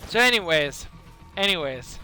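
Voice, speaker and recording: A man's voice: fairly high pitch, moderate pace, soft background music. A man streaming a video game and rambling through a made-up story, jumping between voices as he goes. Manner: animated, jumps between voices and laughs. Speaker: gaming streamer. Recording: game gunfire noise behind.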